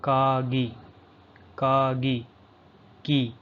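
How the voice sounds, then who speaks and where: Very slow man drilling vocabulary. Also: medium pitch, level tone. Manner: says each word twice, then the English. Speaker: language teacher. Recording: slightly dull lo-fi recording, faint background hum.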